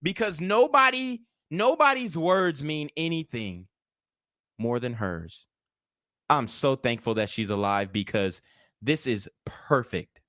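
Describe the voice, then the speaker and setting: A man's voice: medium pitch, expressive, takes it slowly, bright, forceful tone, no echo, studio quality. A young man hosting a livestream commentary show, talking in a heated, blunt, profane way. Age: young adult. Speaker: commentary channel host.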